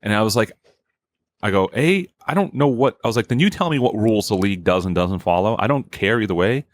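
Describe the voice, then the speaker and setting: A podcast host with a lowish voice talks fast in a casual story, getting heated and profane as he acts out what people said. There's no room sound.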